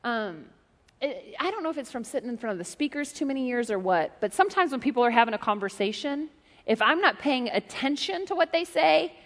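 Middle-aged female pastor, high voice, lively joking sermon, long hall reverb. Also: fairly quick. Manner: animated, joking storyteller. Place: church hall.

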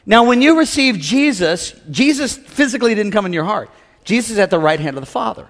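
A middle-aged man preaches with a playful, joking manner and keeps calling on the congregation to respond. His voice is pitched very high. It rings through a large church with a long reverb tail. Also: animated, brisk, fairly bright tone. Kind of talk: humorous sermon.

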